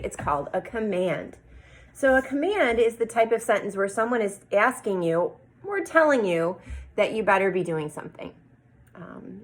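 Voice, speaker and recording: A woman teaching a first grade class, reading example sentences slowly and clearly. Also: mid-range voice, slight background noise, poor audio. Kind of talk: teaching a lesson to young children.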